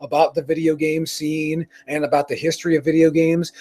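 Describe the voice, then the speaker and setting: Brief: male show host, higher-pitched voice, loose profane rambling rant delivery. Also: level tone, fairly quick, a little mellow. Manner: profane, rambling, with frequent restarts. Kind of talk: casual rant on a live stream.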